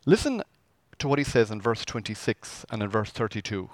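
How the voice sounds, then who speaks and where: A man's voice: fairly low pitch, sing-song, normal speed, no room sound. A man preaching a conversational sermon as pastor, asking the congregation rhetorical questions.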